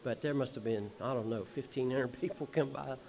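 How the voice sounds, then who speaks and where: A man's voice: medium pitch, brisk, vocal fry, a little mellow. A man speaking on a concert hall stage, telling family stories in a folksy, rambling, emotional way with small chuckles. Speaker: son of the honored musician, speaking at a tribute show. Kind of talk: personal stage speech.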